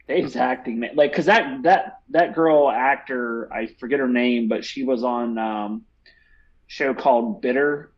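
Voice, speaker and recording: A man's voice: medium pitch, takes it slowly, pauses often. A man co-hosting a pop culture podcast, rambling casually with hesitations and filler words. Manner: rambling, hesitant, laughs while talking. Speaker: podcast co-host. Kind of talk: casual chat. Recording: dull lo-fi sound.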